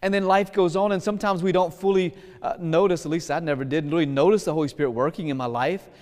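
A high-pitched man preaches a homily as a Catholic priest, loose and conversational, drawing out words for emphasis. His voice rings with a long echo, as if recorded in a large church. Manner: lively, casual preaching that slows for emphasis. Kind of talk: sermon.

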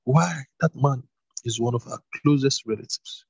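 A man voicing an eager older widow giving her daughter-in-law advice in a read-aloud Bible story, with a husky voice. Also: mid-range voice, moderate pace, no echo, muffled recording. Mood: excited.

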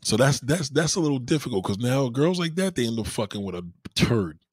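A man's voice: medium pitch, a little fast, husky, dry recording, clean studio sound. A man chatting casually as a host, telling profane stories and acting out quoted people. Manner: animated, profane storytelling with mock-quoted voices. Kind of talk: casual chat.

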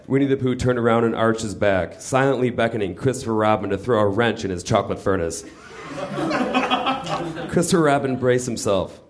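A man reading a comic story aloud in a deadpan, mock-literary manner on a small comedy theater stage. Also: lowish voice. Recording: live stage mic with audience laughter noise.

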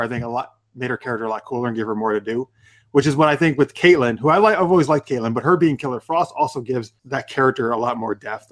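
Male podcast host, mid-pitched, loose and chatty, casual cursing. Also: fairly bright tone. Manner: loose and chatty, swears freely.

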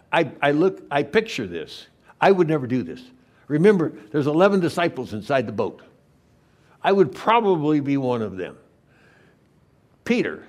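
Animated male preacher telling a story. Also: medium pitch. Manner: animated storytelling, acting out the disciples in quick lively asides. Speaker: pastor. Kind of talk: sermon.

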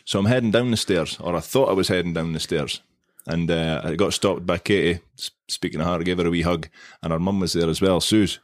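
A Scottish man with a very low voice spins a rambling, self-mocking tale for his podcast co-host. He talks in a loose, chatty way, and the recording is dry and close. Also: fairly quick, hardly any pauses, no echo. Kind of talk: casual storytelling chat.

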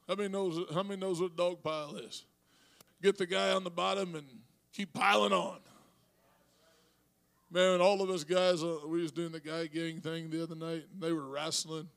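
A man preaching a sermon as pastor, talking to his congregation with asides and rising to shouted praise. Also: high voice, gravelly.

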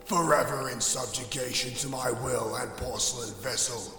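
A man voicing an ancient dark lord spirit who speaks in archaic, pompous decrees, with a heavy echo. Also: mid-range voice, fairly even intonation, moderate pace. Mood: commanding. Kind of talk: audio drama acting. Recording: cavernous reverb with music.

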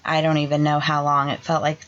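A young adult woman, a podcast co-host, tells an emotional personal story in a halting way, full of "like" fillers. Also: sits low, monotone, fairly bright tone, a little hiss or hum. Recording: dull lo-fi sound.

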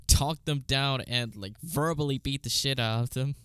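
A man co-hosting a casual chat, rambling with lots of fillers and deadpan asides. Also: medium pitch, normal speed, clean tone, dry recording, studio quality. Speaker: podcast co-host.

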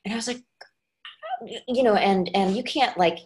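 A woman, an actress and dialect coach, chatting as a guest in an interview and telling stories with animated, jumping pitch. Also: moderate pace. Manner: animated storyteller with lively pitch jumps. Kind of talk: casual interview chat.

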